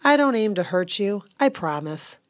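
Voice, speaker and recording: A woman voicing a stout, middle-aged female castle cook who is gruff but kind and talks in rustic, folksy grammar. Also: mid-range voice, lively intonation, normal speed, no echo, close to an everyday voice. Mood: fussing.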